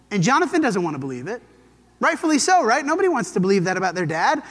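A man teaching a Bible lesson in a relaxed, conversational way, telling the story and briefly acting out the quotes. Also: sits high, quick pace, long reverb tail.

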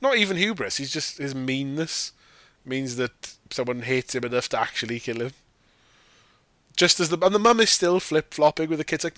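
A man's voice: medium pitch, expressive, moderate pace, sharp tone, dry recording. A man chatting casually about a film, swearing often and laughing as he mocks the characters. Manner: swears freely, mocks characters in put-on quotes, laughs while talking. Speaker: podcast host. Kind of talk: casual film review chat.

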